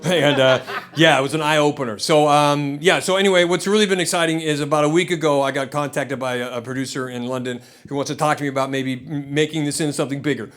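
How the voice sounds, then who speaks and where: A middle-aged man with a fairly high voice doing stand-up in a club. He talks loosely and wryly, poking fun at himself between the jokes. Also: fast, fairly bright tone. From United States. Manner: wry, self-deprecating, loose and conversational. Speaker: stand-up comedian. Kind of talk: stand-up set. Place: comedy club with live audience. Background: audience laughter.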